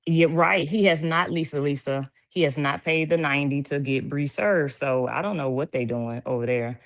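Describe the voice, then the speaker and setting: A woman with a low voice hosts a casual livestream from her home. She chats freely and reads viewers' comments aloud, laughing easily. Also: normal speed. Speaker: livestream host.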